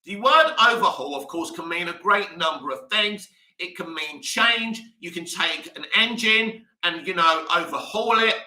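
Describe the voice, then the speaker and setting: A man's voice: high-pitched, unhurried, bright, forceful tone, reverberant, recorded from a distance. A man hosting a live movie news stream, talking passionately and rambling straight to his viewers. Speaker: movie news channel host.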